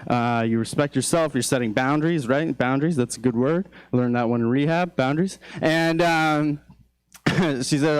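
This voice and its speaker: A young man doing a stand-up comedy set, telling loose rambling stories with lots of fillers, and his voice jumps high for exasperated quoted outbursts. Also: fairly quick, smooth, no echo. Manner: loose, rambling storytelling with frequent fillers and restarts. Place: comedy club stage.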